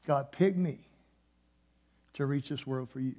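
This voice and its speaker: A man preaching a sermon in a church, moving between hushed, slow passages and loud, passionate peaks. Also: mid-range voice, highs cut off. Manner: impassioned, swings from hushed to loud. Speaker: guest preacher.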